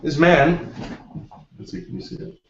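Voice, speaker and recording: A man's voice: on the high side, steady tone, measured pace, gravelly, slight background noise. A man, a success coach, telling anecdotes in an interview with energy and acting out the quotes. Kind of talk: interview storytelling. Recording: roomy, distant, dull lo-fi.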